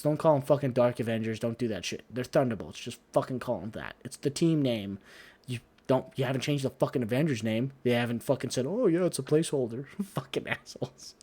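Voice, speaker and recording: A man streaming, chatting casually, rambling and swearing heavily with quick asides. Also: medium pitch, a little mellow. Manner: profane, rambling, heavy swearing.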